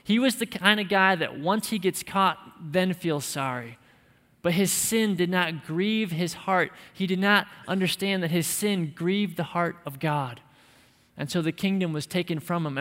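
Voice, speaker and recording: A man's voice: high-pitched, fairly bright tone. Male preacher in a reverberant hall. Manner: emphatic, conversational, with light humor. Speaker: pastor. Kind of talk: sermon.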